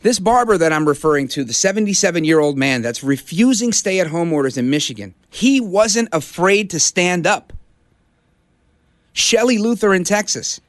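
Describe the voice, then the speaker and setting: A man's voice: high-pitched, fairly bright tone, no room sound, clean studio sound. A middle-aged man from Brooklyn hosting a conservative talk radio show, delivering an impassioned, rallying monologue. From Brooklyn, New York. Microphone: studio broadcast mic.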